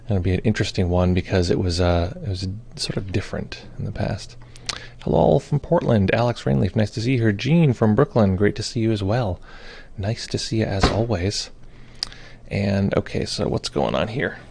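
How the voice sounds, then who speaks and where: Man, very deep voice, gravelly, casual live-stream host, chatty, lots of ums. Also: normal speed, a little mellow, a little hiss or hum. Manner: chatty, reads chat comments aloud, many fillers. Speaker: meditation teacher hosting a live stream. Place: home or studio in Brooklyn.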